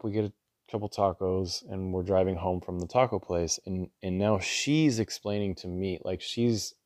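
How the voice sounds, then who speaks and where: Deep voiced dad in his 30s, podcast storytime, super dry close mic, kinda rambly and earnest. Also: a little mellow, no room sound. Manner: earnest, rambling, with restarts and many "like"s. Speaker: podcast host, father. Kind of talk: casual storytelling monologue.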